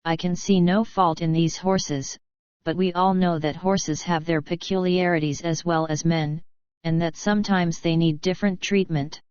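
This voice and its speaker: A woman's voice: on the low side, fairly even intonation, normal speed, darkish tone, clean tone, dry recording, close to an everyday voice. A woman reading the lines of a middle-aged male head coachman who expects to be obeyed, polite but authoritative. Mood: businesslike. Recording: slightly muffled, dry close mic.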